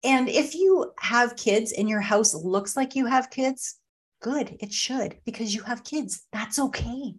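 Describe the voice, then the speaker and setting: A woman's voice: fairly high pitch, unhurried, breathy edge. A middle-aged woman, a podcast guest and author, telling funny family stories in a casual chat and laughing as she goes. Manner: animated, laughs through her stories.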